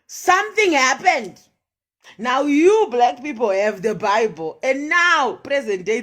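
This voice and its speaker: Passionate husky woman. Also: medium pitch. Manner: passionate, rhetorical questions, switches between English and Shona. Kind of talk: impassioned social commentary monologue.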